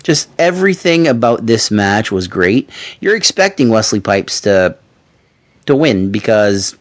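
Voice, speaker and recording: A man hosting a podcast in casual chat, telling stories in an animated way and swearing freely. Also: fairly low pitch, a little slow. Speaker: podcast host.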